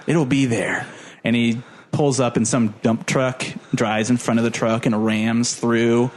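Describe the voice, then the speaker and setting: A man's voice: medium pitch, level tone, a little slow, a little mellow. A young man on a casual podcast, animatedly retelling a film plot with lots of "like" and silly character voices. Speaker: podcast co-host. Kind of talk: casual movie plot recap.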